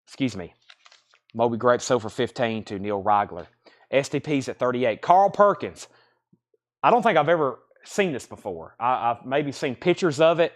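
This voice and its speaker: Hosting a vinyl sale over live stream, this Southern-accented seller reads the bids aloud and chats briskly about each record. His voice is medium in pitch.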